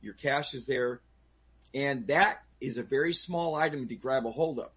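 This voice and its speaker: A man's voice: medium pitch, moderate pace, fairly bright tone, husky. A man speaking as a guest on a talk show, giving personal safety advice with emphatic restarts and questions aimed at the audience.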